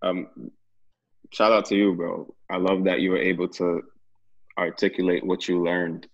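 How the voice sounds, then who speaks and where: A man's voice: low voice, little pitch movement, unhurried, gravelly, no room sound, muffled recording. A man leading a casual Bible study, who closes it with an earnest, repetitive prayer. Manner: earnest, praying with repeated phrases.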